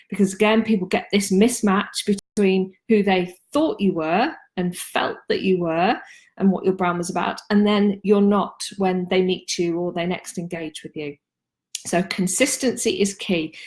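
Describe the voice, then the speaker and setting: A woman's voice: mid-range voice, a little mellow. A woman, talking casually and practically about marketing tips on a live stream, with frequent ums. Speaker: marketing consultant and host.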